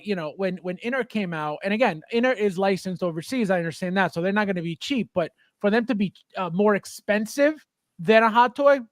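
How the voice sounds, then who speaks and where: A man's voice: high voice, no room sound, studio quality. A man hosting a casual podcast chat about collectible figures, chatty and thinking aloud with fillers. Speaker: podcast host.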